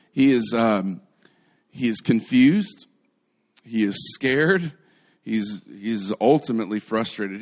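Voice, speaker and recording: A middle-aged man preaching a sermon, retelling a story with lively energy and frequent restarts. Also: lowish voice. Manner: storytelling, animated, with many restarts. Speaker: pastor.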